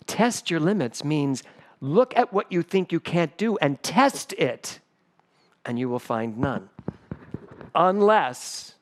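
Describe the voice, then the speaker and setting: A middle-aged man, the spiritual director of a church, giving a sermon full of personal stories and acting out the voices of people in them. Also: mid-range voice. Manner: animated, acts out voices in stories. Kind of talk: storytelling sermon. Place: church sanctuary, livestreamed service.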